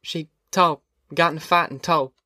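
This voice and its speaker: A man voicing a weary, steadfast migrant mother who speaks quietly and firmly in a rural drawl. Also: on the high side, fairly even intonation, normal speed, no room sound, clean studio sound, voice pushed up. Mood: urgent, worried.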